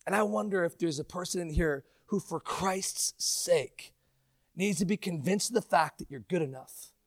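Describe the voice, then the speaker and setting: A man's voice: on the high side, dry recording, studio quality. A male pastor preaching an impassioned, emphatic sermon, mixing scripture with casual slang.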